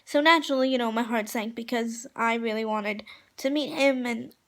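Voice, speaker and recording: A young woman telling a gushing, excitable story in a casual vlog, full of fillers. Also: a little high, moderate pace. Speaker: vlogger.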